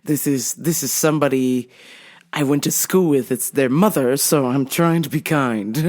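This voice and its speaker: A woman's voice: sits low, takes it slowly, fairly bright tone. A woman hosting a casual monologue, blunt and profane, laughing often as she talks. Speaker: host.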